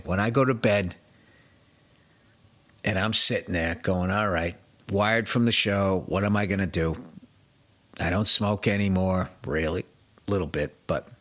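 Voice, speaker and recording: Deep-voiced but fairly bright in tone, a middle-aged man hosts his podcast solo. He delivers a comedic rant that is profane and self-mocking.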